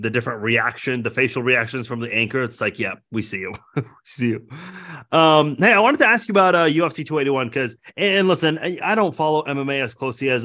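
An easygoing man with a middle-pitched, bright, forward voice, telling stories in relaxed podcast chat. He reads viewer comments aloud between anecdotes.

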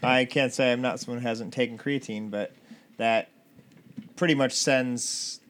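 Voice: mid-range voice, steady tone, unhurried. A podcast co-host in a casual chat, easygoing and joking, often laughing.

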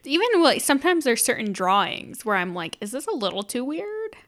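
Woman, podcast co-host, somewhat high voice, giggly, casual swearing. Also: very animated, fairly quick, a bit bright. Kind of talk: casual chat recapping a show.

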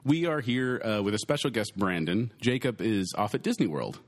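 A young man co-hosts a laid-back podcast, joking his way through the plugs and questions. His voice sits fairly low but swings widely up and down as he talks. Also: moderate pace. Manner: jokey, lively, often puts on silly voices. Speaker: podcast co-host. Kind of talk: casual podcast chat.

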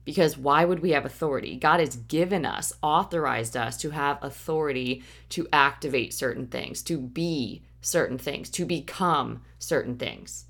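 Casting note: female preacher, lowish voice, expressive scripture reading, sermon delivery. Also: moderate pace, hardly any pauses.

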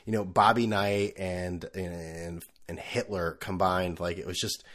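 A man's voice: deep voice, fairly even intonation, unhurried, fairly bright tone. A man hosting his own podcast, talking alone in a rambling, profane and sarcastic way. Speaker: podcast host. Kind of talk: casual solo chat.

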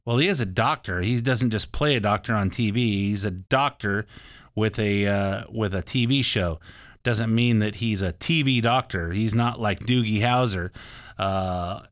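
A man's voice: on the low side, measured pace, no room sound, clean studio sound. An older man hosting a talk radio show, rambling in a casual folksy way with lots of fillers. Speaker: radio show host and mortgage broker.

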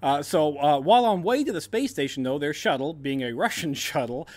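Brief: man, fairly high voice, easygoing podcast storyteller who cracks jokes. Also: lively intonation, fairly quick, a little mellow. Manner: laid-back, jokey, acts out quotes in silly voices. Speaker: podcast host. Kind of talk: casual chat, storytelling history.

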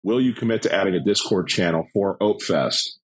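Deep husky man chatting dryly. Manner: dry, deliberate with fillers. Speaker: podcast co-host. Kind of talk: casual chat.

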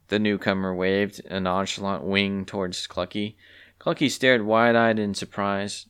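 A man narrating a storybook with an animated, expressive reading. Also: low voice, measured pace, smooth. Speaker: story reader.

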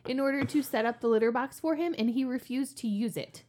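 A woman's voice: a little high, fairly quick, warm tone, slight background noise. A woman co-hosting a podcast in casual chat, with wry asides and laughter. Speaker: podcast co-host.

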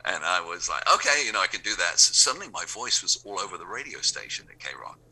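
Deep, bright-toned Englishman telling stories. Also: very animated, a little fast, husky. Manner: acts out remembered dialogue in quoted voices. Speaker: radio DJ. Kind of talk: anecdotal storytelling.

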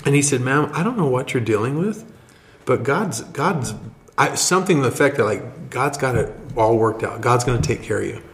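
Man, podcast co-host, halting and excited storyteller, mid-pitched, roomy echo. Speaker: podcast co-host, church member. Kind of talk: casual storytelling chat.

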